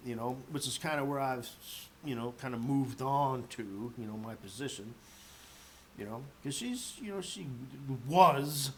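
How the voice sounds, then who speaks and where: A man ranting on his own in a loose, profane, rambling way, full of fillers, with faint noise behind him. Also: medium pitch. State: a little drunk. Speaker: vlogger. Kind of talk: rambling audio rant.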